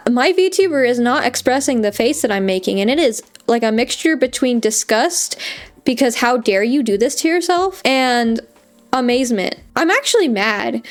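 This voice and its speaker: High-voiced woman, animated casual commentary. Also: moderate pace, faint music behind. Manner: expressive, exasperated, scolding in a motherly way. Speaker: artist streamer critiquing commission pages.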